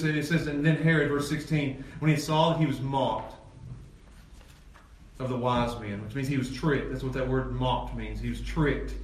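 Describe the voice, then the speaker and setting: A man preaching a sermon as pastor, animated, swinging from loud excited peaks to low emphatic lines. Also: a little hiss or hum. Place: church sanctuary. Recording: echoey church hall from far off, faint ambience.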